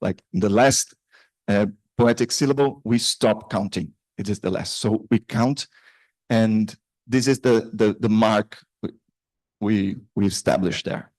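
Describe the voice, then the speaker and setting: A man's voice: lowish voice, measured pace, a little mellow, dry recording. A man giving a conference paper talk, hesitant, with many restarts and fillers. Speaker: conference presenter. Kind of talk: academic paper presentation. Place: conference room.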